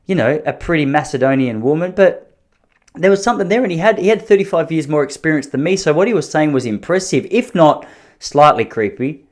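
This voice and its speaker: A man's voice: a little high, a little mellow. An Australian man in his thirties hosting a podcast, telling rambling, self-deprecating stories in a casual, jokey way. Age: 30s. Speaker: podcast host. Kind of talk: casual solo storytelling.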